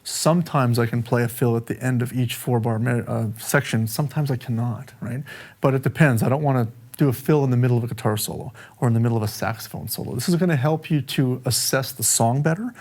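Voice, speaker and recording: A man giving a casual music lesson, explaining song form in a relaxed, conversational way and counting bars aloud. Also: mid-range voice, quick pace. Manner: counts bars aloud over a playing track. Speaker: music teacher. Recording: music playing behind the voice.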